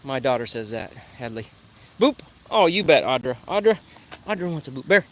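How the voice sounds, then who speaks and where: A man's voice: mid-range voice, very animated, normal speed. A man hosting a casual livestream outdoors, chatting to viewers and cooing at his dog in a lighter sing-song voice. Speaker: livestream host. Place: outdoors in the shade by a pool. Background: faint outdoor sounds and geese.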